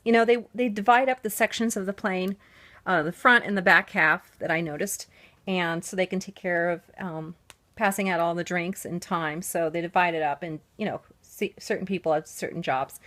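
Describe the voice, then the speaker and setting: A woman telling a story to the camera in a chatty, casual way, laughing often and cooing softly while she dresses a doll. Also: mid-range voice. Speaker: doll collector vlogger.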